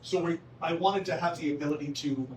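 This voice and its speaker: A man's voice: a little high, steady tone, fairly quick. A man running a golf club town hall meeting, explaining prices casually and joking with the crowd, often adding "right?". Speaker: golf course manager presenting at a town hall. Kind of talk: town hall presentation with questions. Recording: roomy, distant mic with faint background noise.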